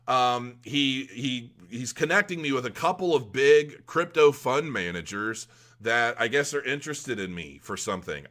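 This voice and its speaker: A man talks casually to his viewers in a crypto vlog. His voice has a bright, forceful edge, and he rambles, restarts and fills gaps with ums. His excitement keeps breaking through. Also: medium pitch. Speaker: crypto video host.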